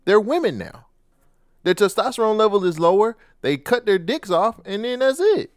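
A man with a high, lively voice, co-hosting a casual talk show in a laid-back, teasing way. He laughs often as he talks. The sound is dry and close, with no room echo. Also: moderate pace. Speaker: podcast co-host. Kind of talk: casual chat.

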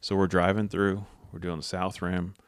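A man's voice: low-pitched, level tone, moderate pace, no echo, clean studio sound. A man hosting a casual outdoors podcast, telling a long story in a blunt, profane way and acting out the dialogue. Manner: rambling storyteller who acts out quoted dialogue. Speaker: podcast host.

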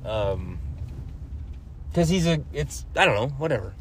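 A man's voice: medium pitch, sing-song, measured pace. A man vlogging about his day in a loose, rambling way, swearing freely and filling gaps with ums. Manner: heavy swearing, loose and rambling with many fillers. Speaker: hunting vlogger and podcaster. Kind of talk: casual rambling talk to camera.

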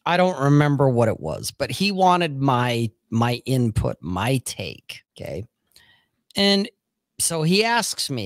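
A man's voice: mid-range voice, very animated, takes it slowly, no room sound. A man telling a personal story in casual podcast chat, blunt and profane, often checking in with "okay?".

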